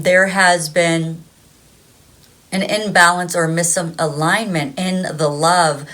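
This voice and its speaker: A woman's voice: low voice, fairly bright tone. A woman in her thirties giving a casual tarot reading, chatty and rambling, often laughing. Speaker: tarot reader.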